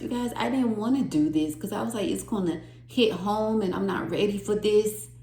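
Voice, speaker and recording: A woman's voice: medium pitch, dark tone, reverberant, poor audio. A woman giving an emotional, earnest tarot reading to her viewers, repeating phrases for emphasis. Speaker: tarot reader.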